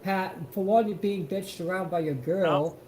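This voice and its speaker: A man hosting a podcast, reacting to a clip with loud, profane, heated rants. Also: sits high, normal speed, a little hiss or hum. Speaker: podcast host. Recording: roomy echo with faint ambience.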